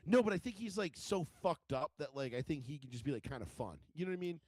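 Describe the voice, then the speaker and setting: A man co-hosting a podcast, chatting casually and crudely, telling animated stories full of swearing and acted-out voices. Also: a little high, fast. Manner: animated storyteller, swears a lot, acts out voices. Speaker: podcast co-host.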